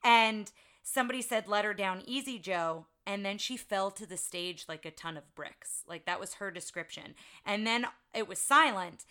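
Woman, podcast co-host, casual chat, bright clear tone, rambling storyteller. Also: mid-range voice, moderate pace, few pauses. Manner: chatty storytelling with fillers. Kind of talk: casual film-trivia chat.

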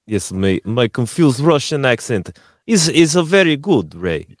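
A man's voice: mid-range voice, sing-song, a little slow, no room sound, studio quality. A man co-hosting a podcast in casual chat, joking and ribbing with rambling asides. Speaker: podcast co-host.

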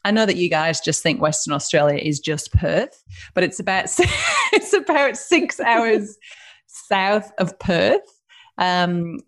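Chatty northern English woman. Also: on the low side. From northern England. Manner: chatty, laughing, informal. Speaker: guest, food business founder. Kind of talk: casual interview chat.

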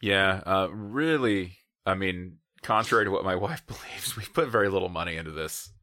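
A man with a lowish but bright, forward voice, co-hosting a relaxed podcast. He jokes freely and laughs easily as he talks. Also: moderate pace. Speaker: podcast co-host. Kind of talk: casual podcast chat.

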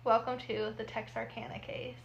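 A woman's voice: a little high, flat delivery, moderate pace, gravelly, lo-fi sound. A woman co-hosting a podcast, chatting casually in an upbeat, teasing way. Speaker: podcast co-host. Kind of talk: casual chat.

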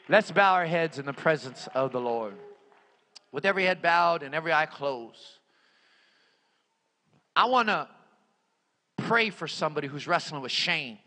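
A man preaching a sermon, repeating his phrases and swinging between loud emphatic lines and hushed ones. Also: fairly high pitch, expressive, moderate pace, pauses often. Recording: long hall reverb.

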